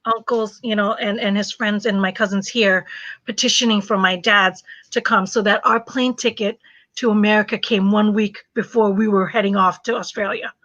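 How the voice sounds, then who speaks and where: A woman hosting a casual live chat, telling an animated story, laughing often and searching for words. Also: medium pitch, normal speed, dry recording, dull audio. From refugee from a communist country, raised in the US. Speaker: host.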